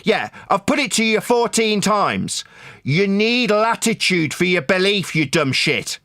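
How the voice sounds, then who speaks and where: A man rants and mocks in a heated online debate, his voice high and sharp. He repeats himself and barks insults, sounding bright and dry, close to the mic. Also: very animated, a little slow, no echo. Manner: shouting insults, mocking, repetitive. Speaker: debate caller.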